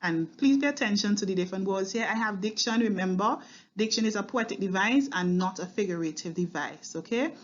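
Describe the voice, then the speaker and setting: A woman's voice: medium pitch, animated, a little fast, lo-fi sound. A woman teaching a recorded exam-prep poetry lesson, explaining line by line and often checking in with "okay?". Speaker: English literature teacher.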